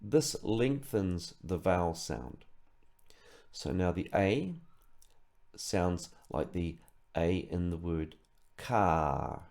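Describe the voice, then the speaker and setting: A man from New Zealand giving a slow instructional lesson, carefully breaking words into syllables. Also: low voice, sing-song, creaky, a little mellow. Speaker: sonographer teaching Maori words.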